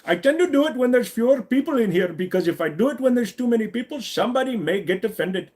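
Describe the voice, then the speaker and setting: A pushy tech-support scam caller with an Indian accent, put on by a man. His voice sits well above a normal speaking pitch and bounces up and down in a sing-song way. He keeps insisting he can help with everything. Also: expressive, quick pace, darkish tone. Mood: chatty. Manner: overly helpful, insistent.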